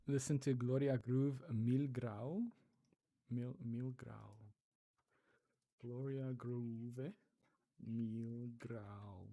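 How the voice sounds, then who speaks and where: A man hosting a casual livestream, reading viewer comments aloud, laughing often and sounding out foreign words slowly. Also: medium pitch, fairly even intonation, creaky, a little mellow. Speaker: livestream host. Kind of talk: casual livestream chat while learning a language.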